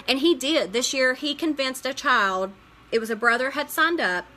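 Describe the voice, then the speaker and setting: A middle-aged woman talks through her makeup on a live stream, stopping often to greet viewers by name. Her voice is bright and fairly high, and her talk is chatty and heartfelt. She sounds like she is at home, speaking into a phone or webcam. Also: moderate pace, poor audio.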